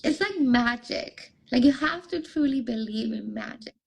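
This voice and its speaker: A woman's voice: a little high, moderate pace, vocal fry, breathy edge, low-quality recording. A young adult woman, a relationship coach, telling a personal story in an interview and acting out the dialogue in it. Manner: animated, acts out quoted dialogue with raised voice. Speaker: relationship coach, podcast guest.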